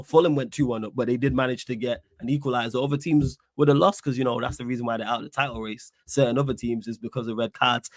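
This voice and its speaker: A man hosting a casual live podcast, his voice hoarse and cracking from singing, talking excitedly in slang. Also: mid-range voice, no echo, clean studio sound. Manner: excited, shout-outs in slang. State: strained, cracking voice. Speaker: podcast host.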